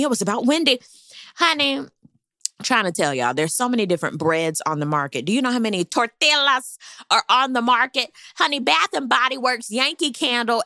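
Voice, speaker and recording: A woman's voice: on the high side, vocal fry, bright, forceful tone, no room sound, clean studio sound. A woman hosting a casual, sassy recap of a reality show, gossiping with laughing asides.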